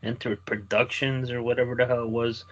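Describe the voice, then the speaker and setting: A man's voice: mid-range voice, little pitch movement, fairly quick, a bit bright. A man co-hosting a podcast in casual chat, loose and swearing casually. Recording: dull lo-fi recording.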